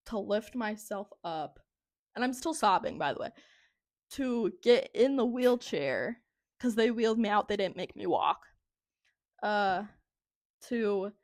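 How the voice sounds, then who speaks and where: A young woman at a mid-pitched, everyday level tells a rambling story, scattering "like" through her sentences and laughing often. Her voice is close and dry, with almost no room sound. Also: a little mellow, no room sound. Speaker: podcast co-host. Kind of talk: casual storytelling chat.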